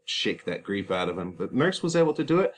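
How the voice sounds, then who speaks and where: A man's voice: on the low side, very animated, fairly quick, a little hiss or hum. Chatty man explaining a play. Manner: casual, chatty explanations with asides. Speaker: teacher.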